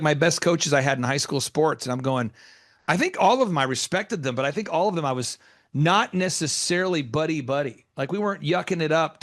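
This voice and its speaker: A man's voice: on the high side, a bit bright, no room sound, studio quality. A man hosting a business coaching show, talking emphatically and rambling through stories with many restarts. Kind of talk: energetic coaching talk.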